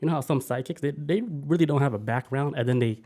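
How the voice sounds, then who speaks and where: Guy hosting a podcast, cursing a lot, hyped up but relaxed, normal pitch. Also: fast. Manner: loose, profane and enthusiastic. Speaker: podcast host. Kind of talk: casual chat.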